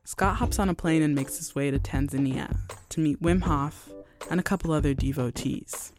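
A man hosting and narrating a story in a measured, dramatic way. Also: fairly high pitch, music in the background. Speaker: host and narrator. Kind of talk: scripted narration.

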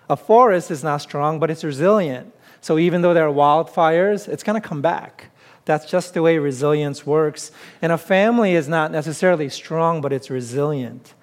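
A man preaching a sermon to his congregation in a relaxed, conversational way, often pausing on "uh", with playful asides that draw laughs. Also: a little high. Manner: conversational preaching with frequent "uh" fillers. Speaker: pastor.

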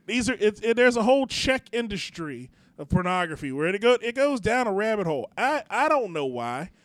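A man's voice: high voice, very animated, brisk, fairly bright tone, dry recording. A man co-hosting a comedy podcast, rambling and self-deprecating, swearing freely. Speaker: podcast co-host. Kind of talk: casual comedy chat.

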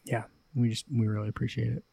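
A man's voice: mid-range voice, flat delivery, quick pace, gravelly, warm tone, husky, no room sound. A man hosting a podcast, thanking his guest with appreciation. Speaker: podcast host. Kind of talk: podcast conversation.

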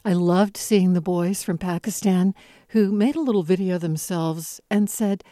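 Mellow-voiced woman hosting an interview. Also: lowish voice, unhurried, no echo, studio quality. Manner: appreciative, enthusiastic questions. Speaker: interviewer, host.

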